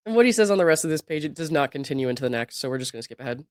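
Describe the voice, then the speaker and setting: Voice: medium pitch, expressive, racing, few pauses, no echo, studio quality. A host who is sick, reading a deposition transcript aloud and breaking in with skeptical asides. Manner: reads quotes evenly, breaks in with skeptical asides and laughs. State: sick, voice not at its best. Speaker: legal commentary channel host.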